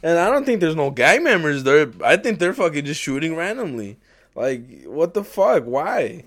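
A man's voice: fairly high pitch, sing-song, moderate pace. A young man, co-hosting a casual podcast, rambling and swearing constantly, often laughing and acting out quotes. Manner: profane, rambling, laughs a lot, acts out quotes. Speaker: podcast co-host.

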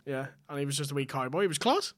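A man's voice: mid-range voice, expressive, fast talker, a bit bright. A man co-hosting a podcast, telling stories in dry, swearing banter. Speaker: podcast co-host. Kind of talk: casual comedic chat.

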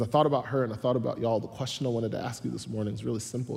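Emphatic preacher in a ringing hall. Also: male voice, mid-range voice, fairly even intonation, creaky, a little mellow. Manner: emphatic, builds to slow stressed lists. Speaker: pastor. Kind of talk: sermon.

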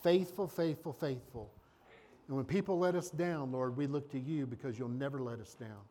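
A man's voice: mid-range voice, normal speed, warm tone. A male preacher leading an altar call, fervent and repetitive in his exhortation.

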